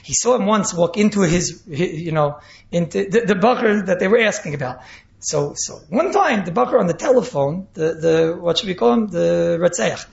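A man, a rabbi, giving an animated Torah class, acting out quotes and mixing in Yiddish and Hebrew terms. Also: high voice, moderate pace, gravelly. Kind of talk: Torah class on speech ethics. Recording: echoey room, dull lo-fi sound.

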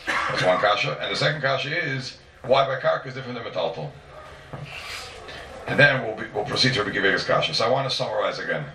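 A man teaches a Talmud class at a quick clip, pressing his points again and again and firing off rhetorical questions. His pitch swings widely as he talks. He is heard from a distance in an echoey room. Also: lively intonation, pushed and bright, a little hiss or hum. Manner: repeats and restates points emphatically; asks rhetorical questions and answers them.

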